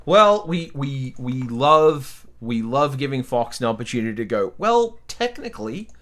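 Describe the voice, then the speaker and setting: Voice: medium pitch, unhurried, a bit bright. A host playing a tabletop role-play game, talking in a playful, theatrical way and laughing often. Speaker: game player and channel host.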